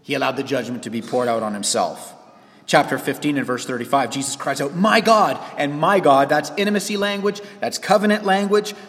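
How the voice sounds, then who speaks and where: A man preaching a sermon as pastor, earnest, with sharp rises and sudden quiet drops for emphasis. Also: medium pitch, a little fast, long reverb tail.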